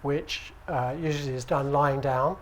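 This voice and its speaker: British man, acupuncture lecture, relaxed conversational delivery, handheld mic, faint room hum. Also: mid-range voice, measured pace. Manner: relaxed, conversational, asks the audience for agreement. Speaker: acupuncture teacher. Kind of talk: conference lecture. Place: conference room with audience. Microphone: handheld microphone.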